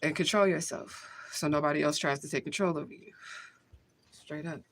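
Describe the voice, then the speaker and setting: A woman's voice: low voice, normal speed. Emotional, profane woman livestreaming. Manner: emotional, blunt and profane, with frequent laughs. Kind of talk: casual livestream talk to camera.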